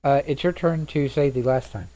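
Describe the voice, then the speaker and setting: A man running a tabletop role-playing game, talking through the story so far at a middle pitch. He stops and restarts often, filling gaps with small hesitations as he recalls what happened. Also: warm tone. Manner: halting, with many fillers and restarts. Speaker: game master. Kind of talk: recapping a tabletop game session.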